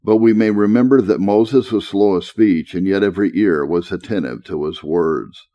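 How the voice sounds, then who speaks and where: A man giving a measured scripted reading of a classic lecture on preaching, slowing deliberately to stress key phrases. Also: sits low, highs cut off.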